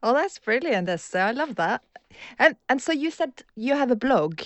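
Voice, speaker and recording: A woman's voice: on the high side, sing-song, normal speed, no room sound. A woman hosting a podcast, who congratulates and thanks her guest in an upbeat, encouraging way. The sound is dry and close to the mic. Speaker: podcast host. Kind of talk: podcast interview.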